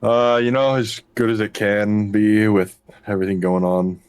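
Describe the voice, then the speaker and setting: Laid-back lower-voiced male player. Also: level tone, moderate pace, darkish tone, clear, resonant tone. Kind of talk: casual in-character play.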